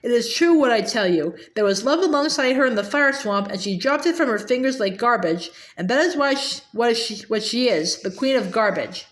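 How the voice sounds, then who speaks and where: A woman's voice: fairly high pitch, lively intonation, moderate pace, few pauses, echoey room, natural voice. A woman reading aloud, voicing a fierce, withered ancient woman who rants and accuses in a storybook. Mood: scornful. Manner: ranting, accusing.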